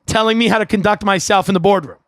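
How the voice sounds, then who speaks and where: A man's voice: high voice, steady tone, quick pace, a bit bright, no echo. A man voicing a brash, reckless office salesman who talks in a flippant, scornful way.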